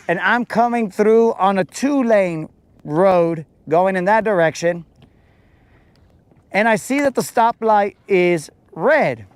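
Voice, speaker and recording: A man's voice: high voice, smooth, dry recording. A man hosting a podcast, telling a story in a casual, slangy, laid-back way. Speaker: podcast host.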